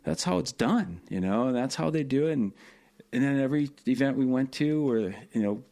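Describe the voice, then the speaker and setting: Male guest, mid-pitched, storytelling animatedly, loose filler-heavy delivery. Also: fairly quick. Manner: animated, lots of filler phrases. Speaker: podcast guest, tournament organizer. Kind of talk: casual storytelling.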